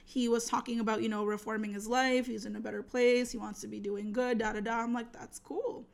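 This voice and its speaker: This young woman's voice sits a bit high. She tells her story in loose, slangy chat and plays out the voices of everyone she quotes, and her delivery stays lively throughout. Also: quick pace, creaky.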